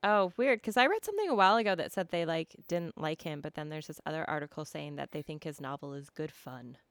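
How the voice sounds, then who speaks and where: Smooth low-voiced woman on a podcast. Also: lively intonation, fast. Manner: reads quotes, chatty. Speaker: podcast co-host. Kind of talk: casual podcast chat.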